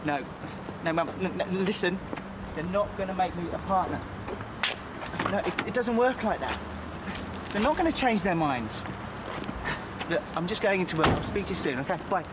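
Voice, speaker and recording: A man's voice: high-pitched, expressive, normal speed, pauses often, heavy background noise. An actor playing a harried lawyer on the phone, impatient and defensive with his mother. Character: harried young lawyer brushing off his mum.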